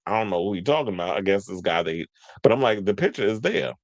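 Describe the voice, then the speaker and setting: Lively, gossipy man hosting pop-culture chat. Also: fairly low pitch, fast, no room sound. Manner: playful, gossipy, laughs often, mock-swooning asides. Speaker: host.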